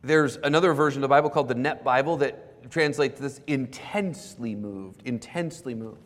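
A man's voice: mid-range voice, normal speed. Earnest male pastor in a reverberant church. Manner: earnest, explanatory, repeats key words softly for emphasis. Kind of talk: sermon. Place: church sanctuary. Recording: preached in a reverberant church hall.

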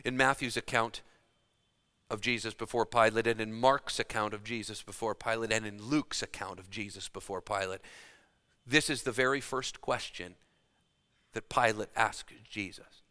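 A man preaching a sermon with dramatic shifts between loud emphasis and hushed delivery. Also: on the low side, fairly even intonation, moderate pace. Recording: long reverb of a large hall.

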